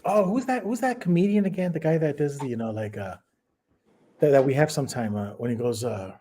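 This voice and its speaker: Halting, husky-voiced man telling jokes. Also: fairly high pitch, animated, mellow. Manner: rambling, halting storyteller with many restarts. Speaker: podcast co-host. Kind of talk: casual chat.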